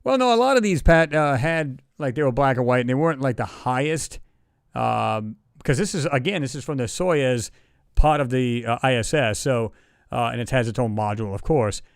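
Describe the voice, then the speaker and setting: A man's voice: mid-range voice, expressive, normal speed, vocal fry, clean tone, no echo, clean studio sound. A man hosting a casual livestream chat, talking in a loose, rambling way and reading viewer comments aloud. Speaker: livestream host.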